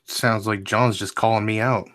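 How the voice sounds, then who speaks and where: A man with a fairly low voice, recorded close and dry. He banters and cracks jokes in a casual podcast chat. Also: fairly even intonation, moderate pace, a bit bright, no room sound. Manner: joking, wisecracking. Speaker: podcast panelist.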